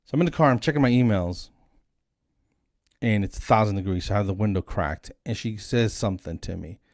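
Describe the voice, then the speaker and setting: Guy in his 40s rambling in a vlog, kinda low and mellow, dry close sound. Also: fairly quick, no echo. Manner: rambling, self-deprecating joking. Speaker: comedian and dental hygienist. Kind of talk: casual solo vlog monologue. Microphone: single static camera.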